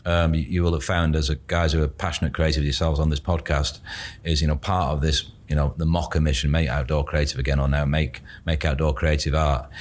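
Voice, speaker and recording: A man with a strikingly deep, low-pitched voice speaks as a podcast guest. He talks expansively and often restarts a phrase before finishing the thought. He is recorded in a makeshift studio set up in a hotel suite. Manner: expansive, restarts phrases while reaching for words. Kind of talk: casual podcast interview.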